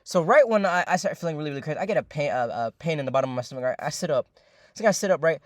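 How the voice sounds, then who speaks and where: Fast-talking young man telling a rambling story. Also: fairly high pitch, animated, dry recording, clean studio sound. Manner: rambling, profane, heavy on fillers and repeats; addresses viewers as ladies and gentlemen. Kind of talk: casual storytime monologue.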